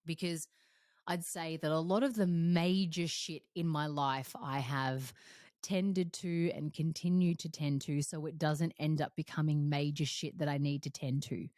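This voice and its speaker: A woman's voice: low-pitched, fairly even intonation, unhurried, darkish tone, no echo, clean studio sound. A woman hosting a casual solo podcast, candid and laughing often as she talks, swearing freely. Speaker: podcast host and coach.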